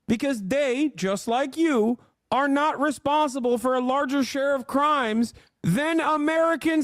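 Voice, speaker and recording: A man's voice: very high voice, no room sound, clean studio sound. A man giving blunt, sarcastic political commentary in an online video. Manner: blunt, sarcastic, fast arguing.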